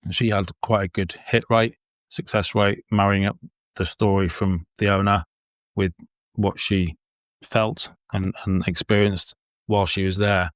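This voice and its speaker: A man's voice: on the low side, steady tone, measured pace, no room sound, clean studio sound. A man, a filmmaker and paranormal investigator, chatting as an interview guest, rambling with many ums and repeated words. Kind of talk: casual interview chat.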